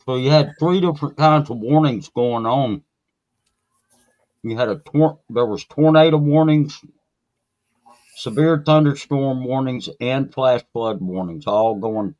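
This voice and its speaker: Man from Mississippi, casual call participant, steady plain delivery, dull lo-fi audio. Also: medium pitch, measured pace. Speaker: chat participant. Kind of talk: casual chat.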